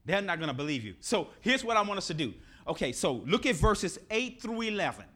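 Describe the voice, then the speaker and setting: Man, middle-aged preacher, high voice, bright tone, sermon, repeats phrases for emphasis. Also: a little fast. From Nashville, Tennessee. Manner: animated preaching, acts out scripture dialogue, repeats key phrases.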